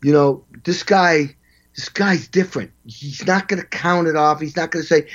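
A man spins animated stories about his work as a drummer, slipping into quoted voices and scatting the beats. His voice sits a bit high for a man. The recording sounds dull and lo-fi. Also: moderate pace. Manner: animated, acts out quotes and vocalizes drum parts. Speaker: guest, session drummer. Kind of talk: storytelling interview.

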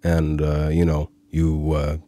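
A man's voice: rumbling low, monotone, takes it slowly, dark tone, no echo. A young man who does voiceover and sound editing, talking casually and laughing easily as he slips into accent impressions. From Cyprus. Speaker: voiceover artist and sound editor. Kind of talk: casual conversation.

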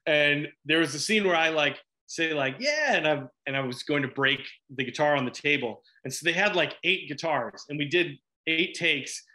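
A middle-aged man from Chicago, an actor chatting in an interview, animated and quick to laugh, with lots of restarts. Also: on the high side. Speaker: actor guest. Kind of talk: casual interview chat.

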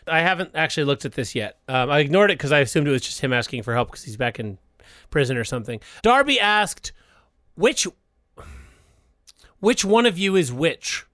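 A man's voice: mid-range voice, big pitch swings, fast, pushed and bright, no echo, clean studio sound. A man co-hosting a comedy podcast, joking and improvising with silly voices. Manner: jumps between silly put-on voices and mock drama.

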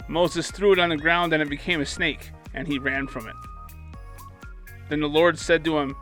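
A man's voice: a little high, steady tone, normal speed, fairly bright tone, faint music behind. A man co-hosting a Bible discussion, reading passages aloud and joking about them. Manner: reads passages, then jokes and laughs. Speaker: co-host reading scripture.

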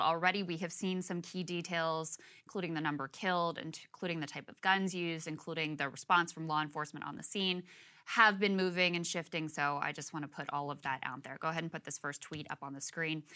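Bright, clear-voiced woman news co-host. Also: on the low side. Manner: measured, sober, careful with caveats. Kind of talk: news commentary.

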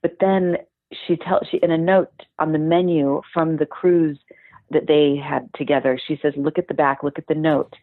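A woman co-hosting a talk show, telling a long story in a lively way with fillers and restarts. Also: deep voice, normal speed, no echo. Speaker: podcast co-host. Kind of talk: storytelling conversation. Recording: thin phone-like audio.

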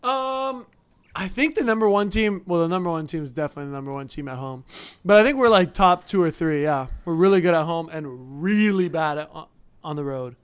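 A man with a notably high voice chatting as a podcast guest. He talks easily and pokes fun at his own team. His tone stays relaxed. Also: a little fast, smooth. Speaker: podcast guest, pro volleyball player. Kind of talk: casual chat.

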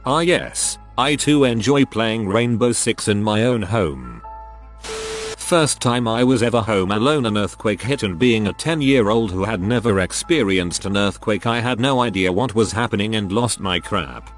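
A man steadily narrating reader-submitted stories in a measured, scripted way, with dry asides. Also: lowish voice, animated, soft background music.

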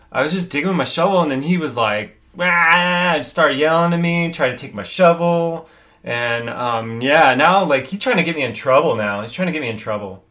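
A man's voice: a little high, a bit bright. A man voicing a defensive little boy who rambles and repeats himself while pleading his innocence.

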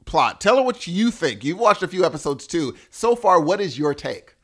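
Easygoing male podcast co-host, fairly high. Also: very animated, moderate pace, a bit bright. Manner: easygoing, thanks listeners, self-mocking. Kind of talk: casual podcast chat.

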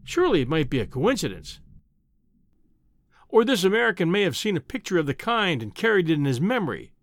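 A man voicing a doubtful young male journalist, measured and skeptical, in a storybook reading. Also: high voice, very animated, no room sound.

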